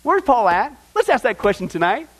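A man preaching a sermon to a group, animated, often asking his listeners questions and acting out the people he quotes. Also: very high-pitched, brisk, low-quality recording. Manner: animated, acts out quoted voices, asks the audience questions. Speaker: pastor teaching a Bible study.

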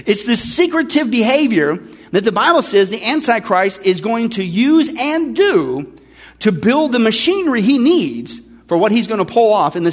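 A pastor delivers a sermon in a fairly high voice for a man. He preaches emphatically, driving points home with repetition and frequent "okay?" and "right?" asides to the congregation. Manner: addresses listeners as folks.

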